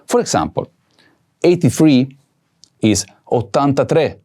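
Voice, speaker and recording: Male teacher, patient lesson delivery: unhurried, words repeated clearly, pitch moving a lot. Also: sing-song, darkish tone. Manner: slow, careful repetition of words for learners. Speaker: language teacher. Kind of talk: scripted language lesson.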